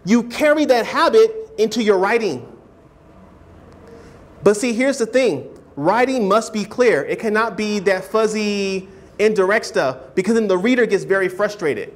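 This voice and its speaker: Man, writing teacher, high voice, animated lecture, checks if students follow. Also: moderate pace. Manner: animated, keeps checking understanding with questions; acts out hedging speakers in a higher voice. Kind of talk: classroom lecture.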